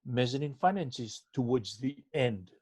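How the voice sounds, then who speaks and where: A man's voice: mid-range voice, expressive, moderate pace, darkish tone, breathy edge. A man who advises businesses on funding, explaining step by step in a podcast interview and checking in with "okay".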